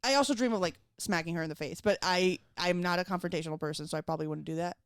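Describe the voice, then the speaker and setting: A woman comedian in her thirties, chatting on a podcast and telling animated, profane stories, acting out the people in them. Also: on the low side, racing, smooth, no room sound, clean studio sound. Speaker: comedian guest. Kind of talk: casual podcast chat, storytelling.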